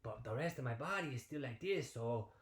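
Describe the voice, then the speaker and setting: A man voicing a five-year-old snake-shaped cube boy, earnest and determined, talking softly and thinking aloud. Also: medium pitch, animated, a little fast, roomy sound, pitched below the performer's own voice, lightly acted.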